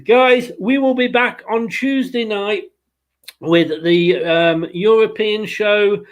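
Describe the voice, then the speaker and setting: A man's voice: high-pitched, slow pace, highs cut off. A man hosting a casual post-match football fan podcast, chatty and rambling with fillers and playful asides.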